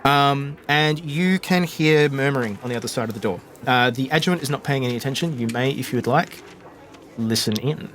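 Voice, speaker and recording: A man's voice: medium pitch, a little fast, fairly bright tone, a little hiss or hum. A man narrating a tabletop role-playing game as the game master, describing scenes with many fillers and restarts.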